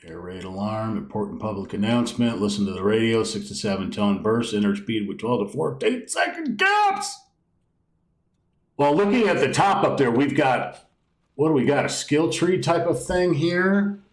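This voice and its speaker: A man's voice: medium pitch, very animated, moderate pace, reverberant, rough recording. A man streaming a video game live, rambling casually, swearing now and then and reading on-screen text aloud. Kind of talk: casual live gameplay commentary.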